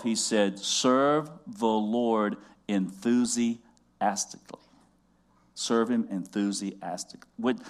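Guy preaching, repeats lines over and over, asks the crowd stuff, gets fired up. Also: fairly low pitch. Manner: builds to loud fervent exhortation; rhythmic repetition, call-and-response questions. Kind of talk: sermon.

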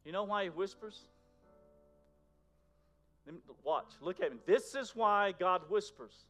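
A man preaching a sermon in a conversational way, moving between loud emphasis and near-whispers. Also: high-pitched, expressive, a little slow, faint music behind. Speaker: pastor.

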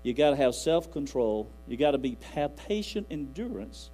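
A man's voice: mid-range voice, big pitch swings, normal speed, dark tone, low-quality recording. A man preaching a sermon in a folksy, rambling way, quoting scripture aloud. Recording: faint music and mains hum.

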